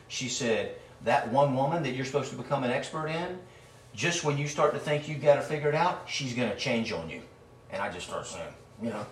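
A man preaching a sermon as pastor, animated, swinging between loud emphasis and quiet asides. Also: lowish voice. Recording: roomy sound from a distant mic with faint room noise.

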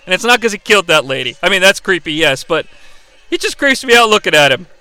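Excitable high-voiced man calling wrestling. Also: quick pace, smooth, no echo. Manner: excitable, profane, yelling play-by-play. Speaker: host. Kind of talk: live watch-along wrestling commentary.

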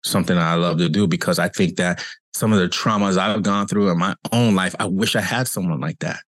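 Fairly quick and fairly bright in tone, this low-voiced man is a cancer coach hosting a podcast. He offers a reflective, motivational monologue in an earnest, conversational way, frequently repeating himself to drive points home, and there's no room sound.

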